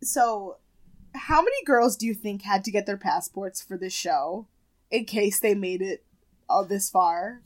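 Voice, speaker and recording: A woman's voice: medium pitch, unhurried, low-quality recording. Chatty, sarcastic woman podcaster. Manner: chatty, sarcastic, swears freely. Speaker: podcast co-host. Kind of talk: casual chat.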